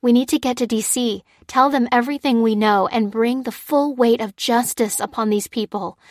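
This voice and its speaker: A woman's voice: a little high, moderate pace, no room sound, studio quality, voice pushed up, lightly acted. A woman voicing pleading young agent Lucy. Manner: pleading, insistent.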